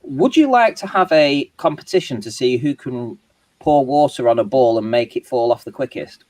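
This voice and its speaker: Male co-host, casual live-stream chatter, halting, restarts often, mid-pitched voice. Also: expressive, a little mellow, low-quality recording. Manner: rambling, halting, many restarts and fillers. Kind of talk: casual chat.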